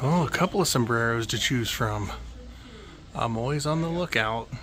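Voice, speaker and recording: A man's voice: medium pitch, normal speed, very noisy. Man casually browsing an antique mall. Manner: relaxed, offhand remarks with chuckles. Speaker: vlogger. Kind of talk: casual walkthrough commentary.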